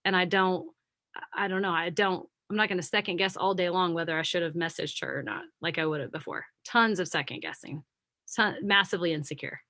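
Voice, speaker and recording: Candid, preachy woman with a low, dry voice. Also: fairly quick, no echo. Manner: candid, preachy and animated, addressing listeners as friends. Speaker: guest speaker. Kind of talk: motivational talk on a video call.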